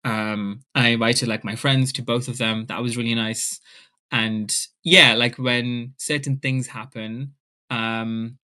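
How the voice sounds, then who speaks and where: A man's voice: mid-range voice, slow pace. A young man, an author telling a story in a casual chat and acting out his family's voices. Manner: animated, acts out family members in quoted voices. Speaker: author guest.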